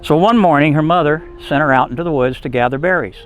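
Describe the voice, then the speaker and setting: A man's voice: on the high side, fast talker, lo-fi sound, soft background music. A man telling a folk tale aloud in a casual, folksy manner, with small restarts along the way. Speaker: storyteller.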